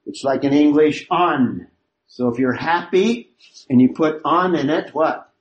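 Higher-voiced man teaching a Bible class. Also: measured pace, highs cut off. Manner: explanatory, poses rhetorical questions to the class.

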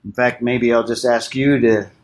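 A man teaching a Bible study class, explaining in a measured way and putting questions to his listeners. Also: medium pitch, fairly even intonation, slight background noise.

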